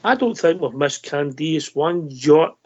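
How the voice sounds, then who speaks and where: A man's voice: on the high side, animated, a little slow, slightly rough. A man co-hosting a radio football show, chatty and teasing in casual chat. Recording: dull lo-fi broadcast audio.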